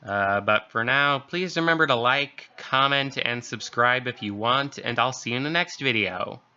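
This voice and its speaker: A man's voice: medium pitch, normal speed, pushed and bright, clean tone. A man hosting a channel and reading a creepy story, then chatting casually with fillers. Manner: rambling, filler-heavy chatter. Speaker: story reader, channel host. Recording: dull lo-fi recording.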